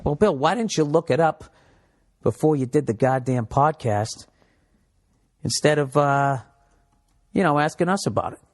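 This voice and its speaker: A man in his forties hosting a comedy podcast from home, rambling in a profane, animated monologue and slipping into mocking voices. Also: a little high, normal speed, pauses often. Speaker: podcast host. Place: home room with window.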